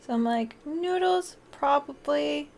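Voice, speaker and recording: A woman's voice: high voice, slow pace, creaky, darkish tone. A woman streamer chatting casually on a live stream, bubbly, often gasping and laughing as she thanks her viewers.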